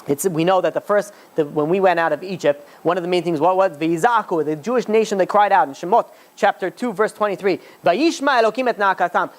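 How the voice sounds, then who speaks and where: A man, a rabbi, giving an informal class in a conversational way, with many fillers and restarts, sometimes rising into high, emphatic urging. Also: fairly quick, few pauses. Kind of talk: informal Torah class lecture.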